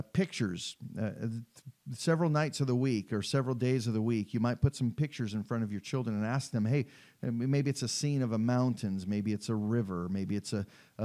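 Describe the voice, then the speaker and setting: A man's voice: medium pitch, darkish tone. A man hosting a podcast, giving earnest, informal devotional teaching to parents and often repeating and restarting his words.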